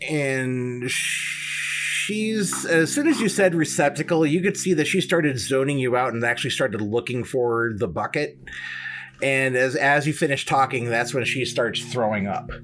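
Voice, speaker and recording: Slow-talking male game master. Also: mid-range voice, fairly bright tone, a little hiss or hum. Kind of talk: narrating a tabletop game.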